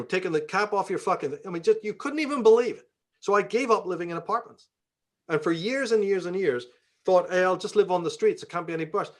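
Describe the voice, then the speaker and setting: A man from Northern Ireland with a Belfast accent and a slightly raised voice. He is an interview guest telling stories in a loose, profane way. He slips into the voices of the people in his stories as he goes. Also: fairly high pitch. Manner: profane, acts out quoted dialogue. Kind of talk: conversational storytelling.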